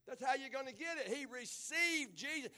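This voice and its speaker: A man preaching a sermon in a church, emphatic, dropping to low murmurs and then rising to shouted exclamations. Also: animated, normal speed, a little hiss or hum.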